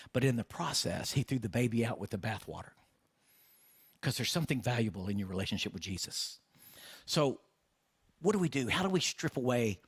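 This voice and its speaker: A man's voice: mid-range voice, slightly rough, no echo. A middle-aged man preaching a sermon as pastor, passionate and full of rhetorical questions. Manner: impassioned, rhetorical questions, voices doubts.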